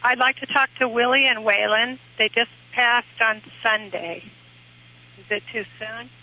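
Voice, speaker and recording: A woman calling in to a radio show, speaking quietly and in a subdued way. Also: fairly high pitch, steady tone, unhurried. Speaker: caller. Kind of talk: phone call to a radio show. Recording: dull lo-fi phone line.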